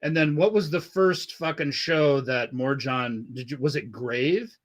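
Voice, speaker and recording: A man's voice: medium pitch, unhurried. A middle-aged man hosting a podcast, rambling and swearing a lot as he laughs through old stories. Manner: profane, rambling, laughs often. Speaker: podcast host. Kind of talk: casual podcast chat. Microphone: remote call audio.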